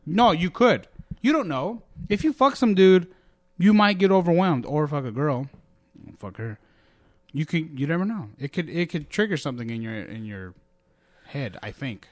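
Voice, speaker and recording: Animated, profane podcast guy. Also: fairly high pitch, moderate pace. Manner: profane, animated, stammering restarts. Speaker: podcast co-host. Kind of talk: crude casual chat.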